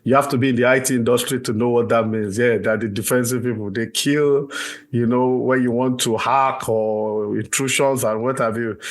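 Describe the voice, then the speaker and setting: A male talk show host introducing his guest in an upbeat, chatty way, peppering his speech with "you know". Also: mid-range voice.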